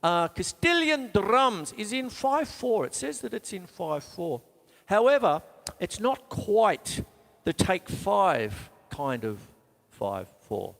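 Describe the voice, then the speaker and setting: A man teaches drums on a live stream, chatty and quick to poke fun at himself. His voice sits a touch high and swings lively as he counts out beats. It rings with a long reverb, and faint music sits underneath. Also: creaky. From Australia. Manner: chatty, counts beats aloud, self-mocking asides. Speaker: drum teacher and show host. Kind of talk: live-streamed drum lesson. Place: home studio with drum kit.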